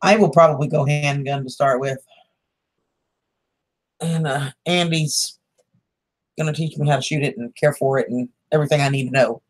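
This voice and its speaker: A woman's voice: low-pitched, fairly even intonation, normal speed, long pauses. A woman, hosting a casual livestream, chatting with viewers, greeting them by name and laughing often. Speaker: livestream host.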